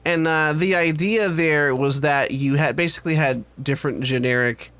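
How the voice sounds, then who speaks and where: Man, podcast co-host, jokey rambling chat, fairly high voice, dry close sound. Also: normal speed, a bit bright, clean tone, no room sound. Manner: joking, rambling, with frequent fillers. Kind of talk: casual chat.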